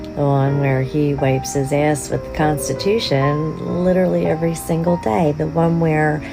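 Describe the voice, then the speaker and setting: A woman's voice: low-pitched, flat delivery, moderate pace, vocal fry, music in the background, low-quality recording. A woman asking and answering herself with sarcastic indignation.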